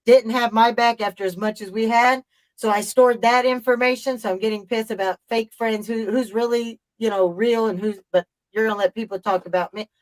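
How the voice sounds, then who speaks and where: A woman's voice: on the high side, fairly even intonation, fairly quick, poor audio. A middle-aged woman hosting a live stream, telling a story in casual chat, with an emphatic, profane and rambling delivery.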